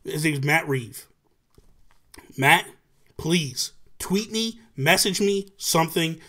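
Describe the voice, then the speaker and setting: A man's voice: on the high side, slow pace. A man hosting a casual live talk show over a video call, telling stories animatedly and acting out what people said. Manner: animated storyteller who acts out quotes. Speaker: podcast host. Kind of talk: casual livestream chat.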